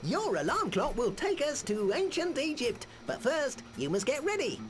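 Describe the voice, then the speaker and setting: A woman's voice: high-pitched, sing-song, normal speed. A woman voicing an eager boy guide character in a children's game, chirpy and instructive. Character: cheerful pirate-gear boy guide character. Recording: game music under the voice.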